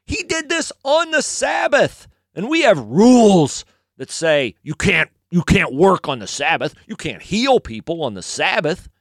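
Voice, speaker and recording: A shrill, scornful pack of religious leaders, put on by a man sneers in a high, mocking voice. The pitch leaps all over the place. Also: big pitch swings, fairly quick, vocal fry, a bit bright, dry recording, studio quality, exaggerated voice. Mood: indignant.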